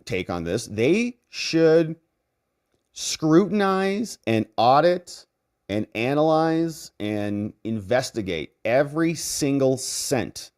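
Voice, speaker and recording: A man delivering legal news commentary with a sarcastic, mocking edge. His pitch swings widely as he hammers his points home with emphasis. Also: darkish tone. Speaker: lawyer and commentary host.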